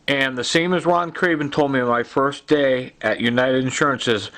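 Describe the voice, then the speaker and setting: A man's voice: mid-range voice, normal speed, fairly bright tone. Agitated man ranting into his recorder. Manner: urgent, accusatory, rambling with many fillers. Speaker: self-recorded complainant. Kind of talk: agitated monologue.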